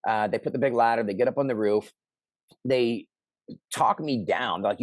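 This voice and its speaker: A middle-aged man telling a personal story in casual conversation, animated and shouting out the lines he quotes. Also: mid-range voice, normal speed, no room sound. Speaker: interview guest.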